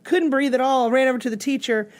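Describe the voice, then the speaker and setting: A woman with a slightly high voice chats casually as a guest on a comedy podcast. She tells her own story loosely, throwing in quick asides as she goes.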